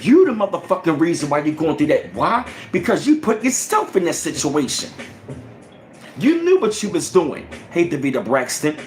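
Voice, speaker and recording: A man ranting casually to his livestream viewers, animated and profane, repeating himself as he goes. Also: fairly high pitch, moderate pace, reverberant, a little hiss or hum. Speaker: channel host.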